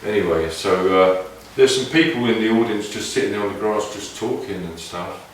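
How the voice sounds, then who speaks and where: A man with a slightly low voice tells a wandering anecdote, stopping and restarting as he reflects. He is recorded from a distance in a very echoey room. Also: moderate pace, slight background noise. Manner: meandering, reflective, with many restarts. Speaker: didgeridoo player sharing stories. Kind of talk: casual anecdotal storytelling. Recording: very echoey room, mic far off.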